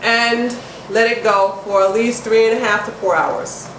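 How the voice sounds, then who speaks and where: A woman giving a casual, enthusiastic cooking how-to demonstration at home, chatty and getting excited. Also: a little high, a little slow. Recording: roomy echo with faint background noise.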